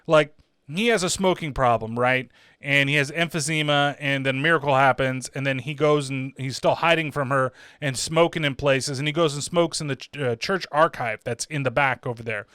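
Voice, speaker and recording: A man's voice: medium pitch, normal speed, fairly bright tone, clear, resonant tone, dry recording, studio quality. A man hosting a casual horror film review, rambling and swearing freely with lots of "like" and "uh" fillers. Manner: rambling, profane, full of fillers like "like" and "uh". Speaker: horror movie reviewer, channel host.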